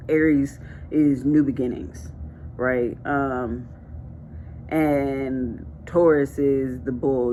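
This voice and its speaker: A woman's voice: low-pitched, a little mellow, slight background noise. A woman talking casually to camera, sharing a spiritual message in a chatty, colloquial and emphatic way. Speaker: vlogger sharing a prophetic word.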